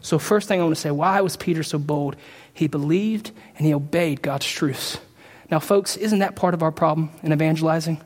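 A man preaching a sermon as pastor, talking casually to his congregation and building to loud, emphatic peaks. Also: on the high side, moderate pace. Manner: conversational asides to the congregation. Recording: long reverb of a large hall.

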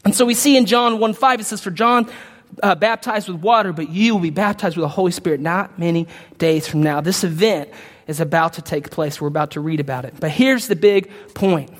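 A man's voice: high voice, brisk. A man preaching a sermon as pastor, emphatic, throwing questions to the congregation. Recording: long hall reverb.

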